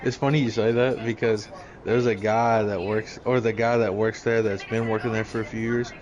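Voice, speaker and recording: A man's voice: fairly low pitch, flat delivery, moderate pace, a little mellow, dull audio. A man chatting casually, telling laid-back, agreeable stories about coworkers. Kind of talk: casual chat. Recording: audible background noise.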